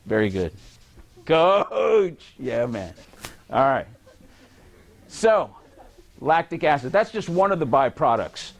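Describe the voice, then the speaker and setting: Guy lecturing a class, pitch jumping all over, cracks jokes and fires questions at the room. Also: slow, creaky, pauses often. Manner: lively, joking, quizzes the audience. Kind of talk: university lecture. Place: lecture hall.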